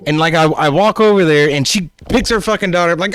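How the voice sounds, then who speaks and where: A man's voice: on the high side, quick pace, faint music behind. A man streaming live, casually telling a story, swearing a lot and laughing often. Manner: profane, laughing, animated.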